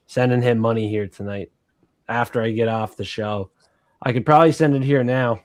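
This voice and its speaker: A man's voice: medium pitch, fairly even intonation, moderate pace, dry recording, clean studio sound. A man from Prince Edward Island with a Canadian accent, co-hosting a casual podcast chat in a laid-back, chatty way, swearing now and then. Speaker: co-host.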